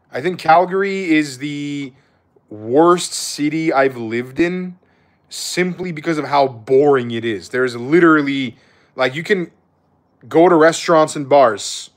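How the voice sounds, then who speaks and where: A man's voice: a little high, measured pace. A young man chatting casually on a live stream, laid-back and swearing freely, calling viewers bro.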